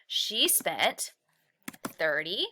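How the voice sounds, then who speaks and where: A woman teacher with a bright, clear voice and lively pitch that swings up and down as she talks. She explains patiently, step by step, drawing words out slowly for emphasis and asking young learners questions along the way. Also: a little hiss or hum. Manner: stretches and slows key words for emphasis. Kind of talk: recorded lesson walkthrough.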